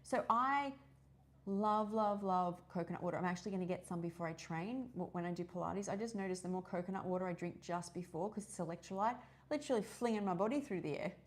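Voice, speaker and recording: A woman with an Australian accent chats her way through a live session. She rambles and restarts, filling gaps with ums and uhs. Her voice sits a little low for a woman. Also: fast talker. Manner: rambling, chatty, many fillers and restarts. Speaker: host of a live wellness session. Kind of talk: casual live-stream chat.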